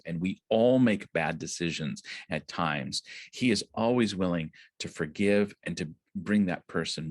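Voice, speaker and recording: Deep-voiced man telling a parable. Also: no room sound, clean studio sound. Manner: halting, conversational storytelling with frequent restarts. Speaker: school assembly speaker. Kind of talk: retelling a parable in a school assembly talk.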